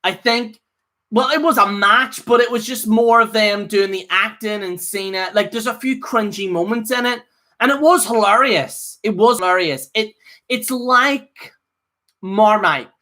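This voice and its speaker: A man's voice: high voice, a little slow, sharp tone. A man giving a casual, opinionated live review, rambling with lots of fillers and restarts. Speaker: wrestling show reviewer.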